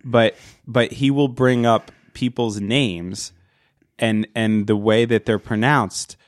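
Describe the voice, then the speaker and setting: A man's voice: mid-range voice, steady tone, takes it slowly, no room sound, clean studio sound. A man, casually telling a comedic story as a podcast co-host, profane and exasperated.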